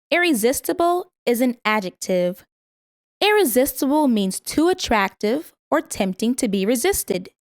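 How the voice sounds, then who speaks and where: A woman reading a vocabulary lesson, saying each word, its part of speech, its meaning and an example sentence, and pausing for the listener to repeat it. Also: on the high side, no room sound, clean studio sound. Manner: slow, careful word-by-word pronunciation. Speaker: vocabulary teacher.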